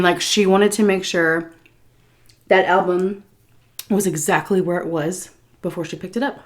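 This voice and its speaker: A woman food vlogger telling a story while she eats, animated, with swearing and laughter. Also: fairly low pitch. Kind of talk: story time while eating.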